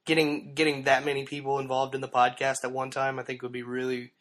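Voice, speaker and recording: A man's voice: medium pitch, monotone, fast talker, fairly bright tone. A man co-hosting a podcast in loose casual chat, swearing often and trailing off in fillers. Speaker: podcast co-host.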